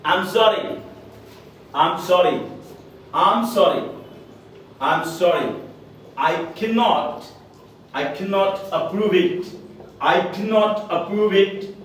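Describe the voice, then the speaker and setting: A man with an Indian English accent teaches spoken English in a high voice at a slow, drilling pace. He repeats each phrase several times and checks in with "correct?" as he goes. His voice comes from a distance and rings around a very echoey room. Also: fairly bright tone, a little hiss or hum.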